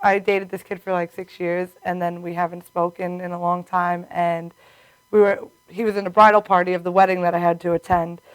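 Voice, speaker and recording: A woman's voice: fairly low pitch, level tone, fairly quick, clear, resonant tone, dry recording, rough recording. A woman in her late twenties co-hosting, telling stories in a chatty way with lots of "like". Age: late 20s. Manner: chatty, says "like" a lot. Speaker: co-host. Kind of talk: casual chat.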